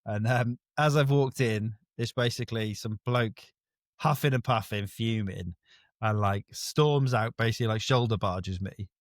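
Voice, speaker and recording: A man, co-host of a podcast, chatting casually and telling an animated story in which he acts out other people's lines. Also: fairly low pitch, measured pace, dry recording, studio quality. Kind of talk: casual chat.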